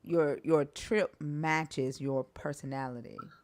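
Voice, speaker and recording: A co-host with a voice of middling pitch reacts in casual chat. They laugh easily and answer with warm encouragement. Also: fairly even intonation, slow.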